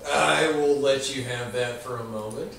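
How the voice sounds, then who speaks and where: A man's voice: mid-range voice, unhurried, gravelly, a bit bright, a little hiss or hum. A man hosting a casual comic book chat, playful and jokey, recorded in an echoey room. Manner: playful, jokey, slips into silly villain voices. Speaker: podcast host. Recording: echoey room, far from the mic.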